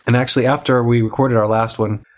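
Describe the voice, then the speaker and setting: A man with a cold hosts a casual podcast, cracking dry jokes as he runs through a recap. His voice sits at an ordinary middle pitch, and the recording is dull and muffled, like a cheap lo-fi setup. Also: fairly even intonation, fast talker. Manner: wry, joking delivery. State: has a cold. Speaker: podcast host. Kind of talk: casual chat and scripted recap.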